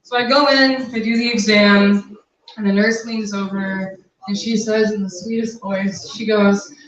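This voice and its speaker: A woman's voice: medium pitch, steady tone, measured pace, a little hiss or hum. A woman in her twenties doing a crude, brash stand-up set on a bar stage. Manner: brash, crude, conversational punchlines. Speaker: stand-up comic. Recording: roomy, distant, dull, crowd laughter.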